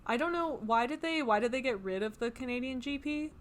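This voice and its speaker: A woman's voice: sits high, a little fast. A woman co-hosting a podcast in casual chat, laid-back and jokey, with easy laughter. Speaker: podcast co-host.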